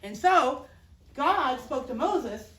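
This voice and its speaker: A woman with a high, bright voice tells a Bible story to children in a lively, playful way. The sound is roomy. She is recorded from a distance. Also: takes it slowly.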